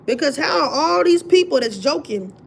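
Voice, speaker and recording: A woman with a slightly high voice rants on her own livestream, retelling what happened with animated indignation. Her talk is loose and conversational, with a faint hum of room noise underneath. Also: normal speed, gravelly. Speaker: livestream host. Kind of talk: casual livestream rant.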